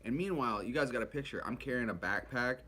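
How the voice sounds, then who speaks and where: A man's voice: medium pitch, expressive, fast talker, sharp tone. A man telling a rambling, profane story about his addiction, acting out the other people's voices. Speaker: vlogger recounting his addiction. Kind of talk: casual storytelling.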